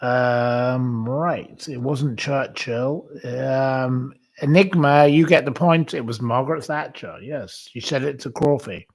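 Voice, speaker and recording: Male quiz host, unhurried, rambling chatty delivery, mid-pitched voice. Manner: chatty, rambling, answers viewers by name. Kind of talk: casual live quiz chat.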